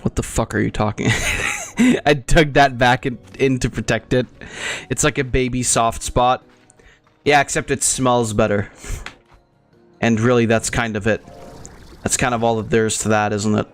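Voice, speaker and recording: A man's voice: mid-range voice, fairly even intonation, moderate pace, soft background music. A young man hosting his gaming channel, rambling through casual, crude and profane commentary as he plays.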